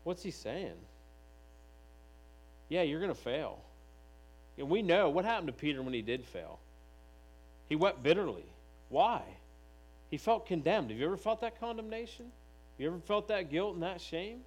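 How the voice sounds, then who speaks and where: Animated preaching man with mains hum. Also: fairly high pitch, normal speed, long pauses, low-quality recording. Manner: animated preaching, reads scripture aloud, voices the figures of the text. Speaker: pastor. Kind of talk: sermon.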